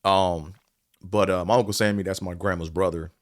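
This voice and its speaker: Low-voiced man telling a rambling story. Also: fairly even intonation, normal speed, dry recording, studio quality. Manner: rambling, many fillers, casual swearing. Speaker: podcast host. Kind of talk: casual storytelling and reflection.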